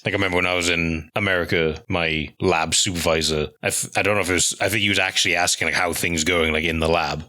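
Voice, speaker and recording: Very low-voiced, bright young man chatting. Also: fairly even intonation, fast, few pauses. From Wales. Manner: rambling, laughs often. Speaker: podcast co-host. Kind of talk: casual chat.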